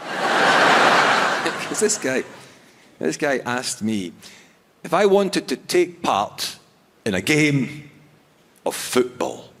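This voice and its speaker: A man performing a stand-up set on a theatre stage, with a halting, self-mocking delivery full of restarts. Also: medium pitch, very animated, sharp tone. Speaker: stand-up comedian. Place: large theatre stage before a live audience. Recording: long theatre reverb.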